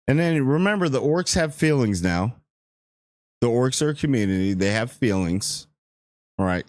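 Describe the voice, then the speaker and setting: A man giving a casual, rambling spoiler review of a TV episode, joking and acting out characters in quick asides. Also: mid-range voice, no echo, studio quality. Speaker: show reviewer.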